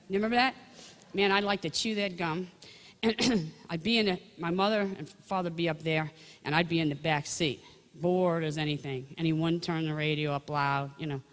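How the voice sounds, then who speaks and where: An older woman giving a Catholic testimony, telling chatty, rambling anecdotes straight to her listeners. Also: on the low side. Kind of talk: storytelling faith talk. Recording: long echoing reverb.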